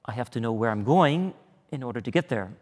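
A man leading a weekend retreat as a priest, praying and preaching in a deliberate, earnest way. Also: mid-range voice, expressive. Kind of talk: retreat talk and prayer. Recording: echoey hall.

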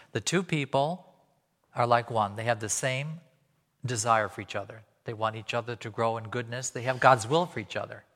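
A man's voice: medium pitch, pushed and bright. A man preaching a sermon, telling stories and acting out the voices of the people he quotes. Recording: long hall reverb.

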